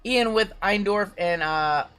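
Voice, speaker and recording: A man's voice: sits high, takes it slowly, pushed and bright, clear, resonant tone. A man hosting a live card break stream, rattling off names and teams in a loose, chatty way with plenty of fillers.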